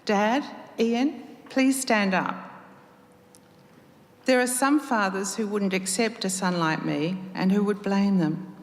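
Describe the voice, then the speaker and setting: A woman's voice: mid-range voice, slow. A woman doing a tearful, breathless male singer. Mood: emotional speech. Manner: breathless, pleading. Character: tearful young male cabaret singer, dramatic. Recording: roomy hall reverb.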